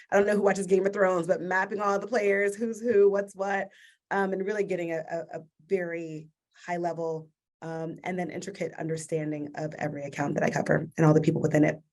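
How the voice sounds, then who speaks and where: Low-voiced woman, account manager, at ease. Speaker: guest, key account manager. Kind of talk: conversational interview answer. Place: office.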